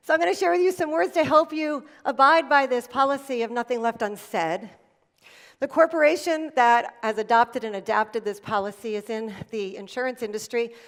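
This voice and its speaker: A middle-aged woman delivers a motivational speech from a stage in a fairly high voice. She tells stories with emphasis and keeps coming back to the same catchphrases. It is lively, persuasive public speaking. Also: long reverb tail. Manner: emphatic, storytelling, repeats key phrases. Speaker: keynote speaker. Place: event stage before an audience.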